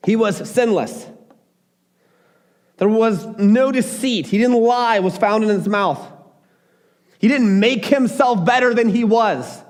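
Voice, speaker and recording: A man preaching a sermon as pastor, talking in an animated, emphatic way with frequent restarts. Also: high voice, slow, pauses often.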